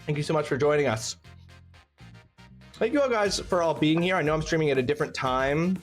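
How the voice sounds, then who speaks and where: A man's voice: on the high side, lively intonation, a little fast, soft background music. A man hosting a casual charity stream, rambling and thanking his chat by name, snacking between words. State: eating while talking.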